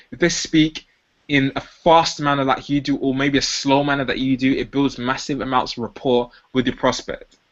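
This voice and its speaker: A man's voice: medium pitch, a bit bright, highs cut off. A young man teaching sales technique to viewers, acting out sample phrases in different tones. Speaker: sales coach. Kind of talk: instructional talk to camera.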